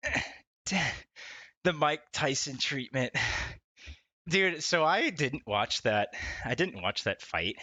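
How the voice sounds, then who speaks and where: A man livestreaming casually from his desk at home, laughing often, swearing and talking excitably to his chat. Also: mid-range voice, dry recording. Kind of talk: casual live-stream chat. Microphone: desk mic, wearing wired headphones.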